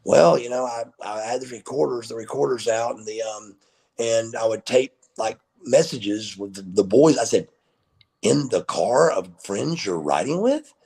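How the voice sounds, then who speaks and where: A man's voice: mid-range voice, normal speed, vocal fry, breathy edge. A middle-aged man, a wrestler guest on an interview show, telling stories and acting out the dialogue. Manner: animated storyteller who acts out quoted dialogue. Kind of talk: casual storytelling interview.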